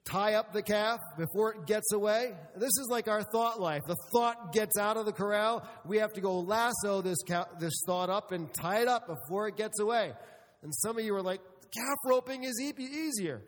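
Middle-aged male pastor, high voice, humorous storyteller, church hall reverb. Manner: storytelling with humor, addressing the congregation. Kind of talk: sermon.

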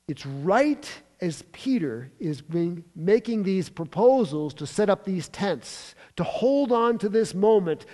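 A man preaching with a high voice and lively, emphatic storytelling. He reads scripture and jokes lightly between the passages, while a long hall reverb lingers around his words. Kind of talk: sermon.

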